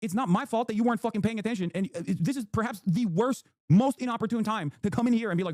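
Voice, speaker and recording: Rapid-fire ranting male streamer. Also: extremely high pitch, lively intonation, a little mellow, no room sound, studio quality. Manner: heated, profane ranting. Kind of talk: ranting livestream commentary.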